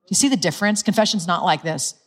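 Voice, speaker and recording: Woman preacher, chatty and animated, slightly low voice, laughs a lot. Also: fast. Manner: conversational, animated, laughs often, acts out quotes. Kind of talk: sermon.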